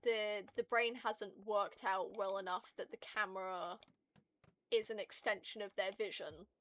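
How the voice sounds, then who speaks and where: A woman streaming to her viewers in casual chat, ranting in an animated and profane way. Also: mid-range voice, slight background noise.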